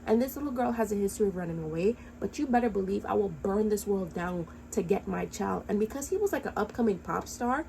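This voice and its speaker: A woman's voice: mid-range voice, expressive, fast, vocal fry, few pauses, mellow, a little hiss or hum, poor audio. A woman giving heated, blunt reaction commentary, ranting angrily and swearing freely. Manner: angry, impassioned ranting; blunt, profane. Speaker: commentary vlogger.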